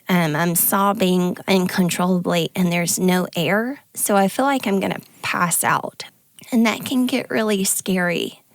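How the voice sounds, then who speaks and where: Tearful woman with a gravelly low voice. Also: dry recording, clean studio sound. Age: adult with grown kids. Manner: earnest, emotional, halting confessional. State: tearful, near crying. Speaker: podcast co-host. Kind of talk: candid conversational podcast talk.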